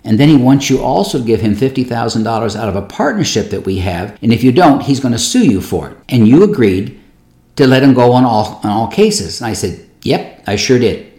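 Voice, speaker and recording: A man's voice: a little fast, echoey room. A man preaching as a pastor, telling personal stories in a conversational way and acting out the people he quotes. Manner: conversational, acts out quoted voices with lively pitch jumps. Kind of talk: sermon storytelling.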